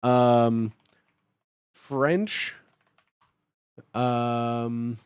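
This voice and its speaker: A man chatting casually with his livestream viewers, talking in a halting way with lots of filler sounds and restarts. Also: medium pitch, steady tone, smooth, dry recording, clean studio sound.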